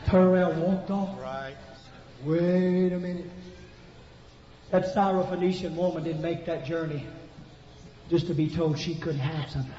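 A man preaching a Pentecostal revival sermon, swinging from hushed storytelling to shouted preaching. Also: fairly high pitch, moderate pace, long pauses. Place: large church sanctuary. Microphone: pulpit microphone. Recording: echoey, dull church recording.

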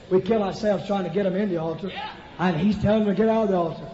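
Folksy preacher telling a story. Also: male voice, sits high, fast talker, a crowd in the background. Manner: folksy, repetitive, addresses audience directly. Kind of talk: humorous sermon storytelling. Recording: echoey hall, dull lo-fi sound, faint noise.

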